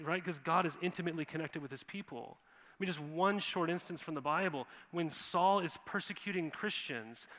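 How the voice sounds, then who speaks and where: Bright-voiced male pastor in a reverberant hall. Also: fairly high pitch. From Montana. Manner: conversational, animated, acts out quoted voices. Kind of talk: sermon. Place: church sanctuary. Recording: long reverb of a church hall.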